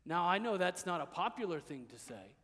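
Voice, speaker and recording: A high-pitched male pastor preaching a sermon in a church hall with a long, ringing reverb. He moves between soft, hushed stretches and loud, emphatic declarations. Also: sing-song, fairly quick.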